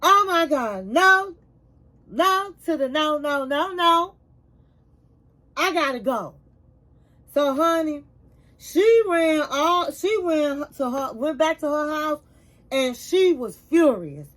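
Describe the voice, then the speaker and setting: A woman's voice: high-pitched, expressive, slow pace, long pauses, a bit bright. A woman giving a casual, chatty recap of a reality show. She tells the story with emphatic repetition and calls her viewers honey. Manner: emphatic repetition when reacting.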